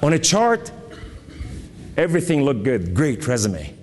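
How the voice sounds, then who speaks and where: A man from southern Lebanon with a southern Lebanese accent, preaching a sermon with fervor, moving between loud declarations and low solemn passages. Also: huge pitch swings, unhurried, pauses often. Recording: long hall reverb.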